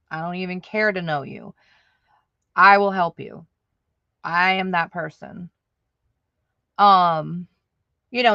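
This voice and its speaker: In a lo-fi, dry recording, a woman with a lowish, sharp-toned voice laughs frequently as she talks straight to viewers on her audio-only livestream, keeping the chat casual.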